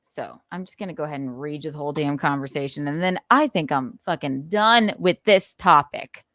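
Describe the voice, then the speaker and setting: A woman's voice: low-pitched, fairly quick, fairly bright tone, dry recording, studio quality. A woman hosting a casual livestream, talking sarcastically with frequent laughs and reading chat messages aloud. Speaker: livestream host.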